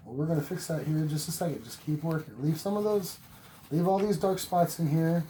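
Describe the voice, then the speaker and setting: Speaking briskly in a high-leaning, dark-toned voice, a man teaches oil painting as he goes, narrating every stroke with encouragement and repetition. He sometimes wanders from the mic during this relaxed tutorial, and faint background noise can be heard.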